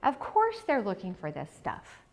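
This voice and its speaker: A woman's voice: mid-range voice, huge pitch swings, a little slow. A woman presenting at a conference, talking frankly and chatty, with jokes, as a psychology teacher. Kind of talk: candid conference talk. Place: conference breakout room.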